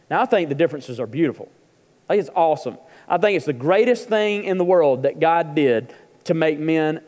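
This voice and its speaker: A man's voice: on the high side, a little mellow, in a large hall. A male pastor preaching a humorous, conversational sermon in a church. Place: church auditorium.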